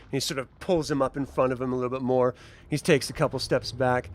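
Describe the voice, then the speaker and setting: A man's voice: mid-range voice, steady tone, a little fast. A man narrating a tabletop game as game master, describing scenes and laughing easily.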